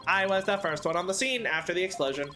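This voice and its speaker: Lady putting on a monotone robot-sounding bomb guy, clipped and terse, bright tone, game read-along. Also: fairly low pitch, fast talker, soft background music. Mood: deadpan. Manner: clipped, terse, mechanical phrasing. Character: male bomb expert speaking in a flat robotic monotone. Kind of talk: reading game dialogue aloud.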